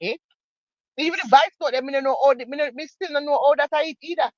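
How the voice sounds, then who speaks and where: A woman's voice: sits high, fast, darkish tone, no room sound, lo-fi sound. A woman with a Jamaican accent giving casual commentary, emphatic and mocking, repeating her points for effect. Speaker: online commentator.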